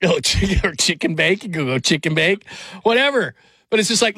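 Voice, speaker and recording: Excitable man hosting late-night sports radio. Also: on the high side, normal speed, husky, no echo. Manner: rambling, excitable, laughs often. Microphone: studio microphone.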